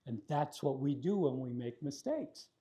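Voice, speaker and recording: A man, a martial arts instructor, telling a children's lesson story in a gentle manner and often checking in with listeners. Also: medium pitch, animated, normal speed.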